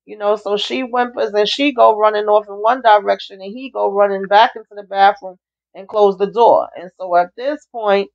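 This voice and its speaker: A woman's voice: mid-range voice, moderate pace, gravelly. A woman giving a casual, chatty TV episode recap, acting out the characters' lines as she retells each scene. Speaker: TV recap reviewer. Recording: dull lo-fi recording.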